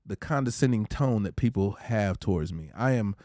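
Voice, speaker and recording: A man hosting a casual livestream, talking through relationship advice in an easygoing, preachy way and shouting out his chatters by name. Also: fairly low pitch, lively intonation, normal speed, no echo, studio quality. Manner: reads out viewer comments and shouts out chatters; laid-back, conversational, preachy about relationships. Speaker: livestream host.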